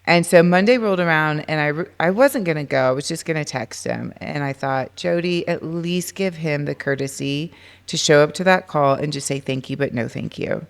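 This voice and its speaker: A middle-aged woman, a podcast guest, telling her story in an animated, casual way and acting out the voices of people she quotes. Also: low-pitched, moderate pace, vocal fry. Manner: animated, acts out quoted dialogue.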